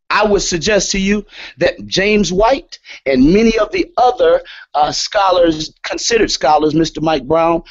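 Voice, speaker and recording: A man lecturing on scripture in a sermon style, emphatic and repeating his key statements. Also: fairly high pitch. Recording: dull lo-fi audio.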